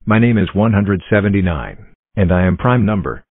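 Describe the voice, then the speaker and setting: A cheerful male number block from a cartoon, voiced by a man, states his name in a flat announcing way. The voice sits low. The sound is tinny and phone-like, with no room echo. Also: moderate pace, breathy edge, exaggerated voice. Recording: tinny dry lo-fi audio.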